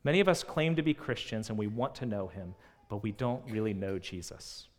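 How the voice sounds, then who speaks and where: A man preaching a sermon, earnest and full of rhetorical questions, swinging between loud emphasis and quiet. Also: on the low side, brisk. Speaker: pastor. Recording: long reverb of a large hall.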